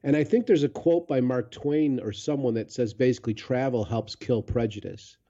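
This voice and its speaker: A man's voice: medium pitch, normal speed, warm tone, muffled recording. A man from Chicago telling candid, profane stories as a podcast guest, turning reflective as he goes. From Chicago, USA. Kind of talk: casual storytelling.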